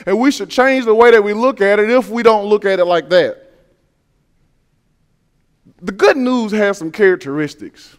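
A male preacher delivers a sermon in a high-pitched, smooth, ringing voice. He speaks emphatically, repeating key phrases and putting rhetorical questions to his congregation. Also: normal speed.

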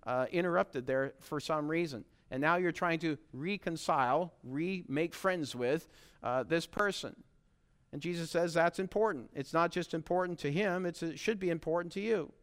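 A male pastor delivering a sermon in a church, earnest and emphatic, circling back to repeat his key phrases. His voice is clean and resonant, pitched slightly above the usual male range. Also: smooth.

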